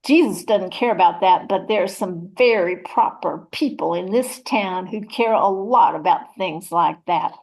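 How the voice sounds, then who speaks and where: A woman's voice: lowish voice, a little slow, few pauses, a little mellow. A woman voicing a chatty, churchgoing rural mama, rambling in a folksy, motherly way. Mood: chatty, gossipy. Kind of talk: one-woman audio play reading.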